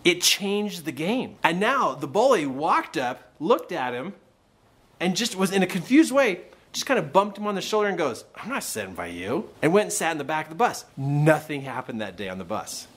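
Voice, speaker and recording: A man's voice: on the high side, moderate pace, slightly rough. A man hosting a podcast, giving motivational advice on dealing with bullies and acting out the people in his stories. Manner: animated storyteller acting out quoted voices. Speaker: podcast host and coach. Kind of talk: motivational talk. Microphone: podcast microphone.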